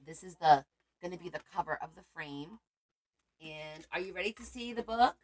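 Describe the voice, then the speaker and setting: A woman's voice: on the low side, animated, normal speed, a little mellow. A woman hosting a casual crafting livestream, chatting to viewers as she shows her work.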